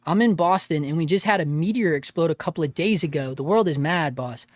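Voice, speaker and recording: A man's voice: fairly high pitch, fairly quick, dry recording. Laid-back man chatting on a livestream. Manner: laid-back, laughs often, says dude and bro. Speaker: livestream host reading chat. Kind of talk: casual live chat.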